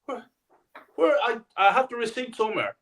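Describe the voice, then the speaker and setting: Man, podcast guest, indignant, sweary, lively intonation. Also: very high-pitched, moderate pace, rough recording. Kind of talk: podcast discussion.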